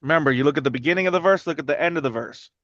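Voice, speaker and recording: A man teaching a casual Bible study with a fairly high voice. He is direct and corrective but encouraging. The recording sounds dull and dry. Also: rapid-fire, fairly bright tone, no room sound.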